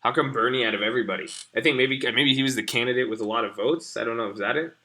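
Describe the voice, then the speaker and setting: A man's voice: mid-range voice, very fast, pushed and bright. A young man hosting a live stream, rambling casually and profanely as he talks to his viewers. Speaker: stream host.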